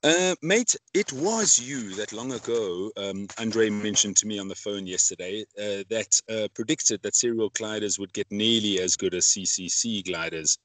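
A man's voice: lowish voice, moderate pace, few pauses, a bit bright, no echo. A man hosting a casual podcast interview, rambling with many fillers and asking leading questions. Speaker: podcast host.

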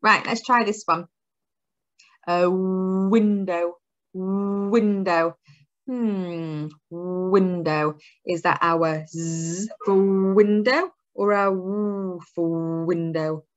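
A woman's voice: mid-range voice, slow pace, lo-fi sound. A woman teaching a phonics lesson to young children, drawing out her words in a sing-song, encouraging way. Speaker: early years teacher.

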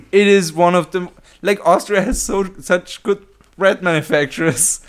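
A man's voice: sits high, measured pace. A young man co-hosting a casual comedy podcast, joking crudely and laughing often. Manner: loud laughing, crude banter. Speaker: podcast co-host.

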